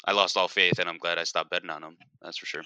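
A man's voice: deep voice, level tone, fast, sharp tone, smooth, no room sound. A man co-hosting a sports podcast, casual and thoughtful, often trailing off.

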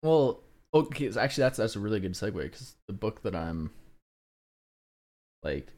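A young man with a slightly low voice tells stories with animated energy, peppering his sentences with "like." He comes across as a chatty podcast co-host. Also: moderate pace. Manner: animated storyteller, many fillers like "like". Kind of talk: casual chat.

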